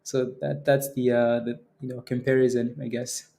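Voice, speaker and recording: A man's voice: medium pitch, little pitch movement, normal speed, vocal fry, warm tone. A man hosting a casual stock trading livestream, joking around with his viewers and laughing often.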